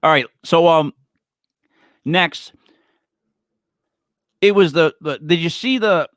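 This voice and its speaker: A man co-hosting a casual wrestling podcast, excitable and stumbling over his words. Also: on the high side, slow pace, no room sound, studio quality. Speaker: podcast co-host.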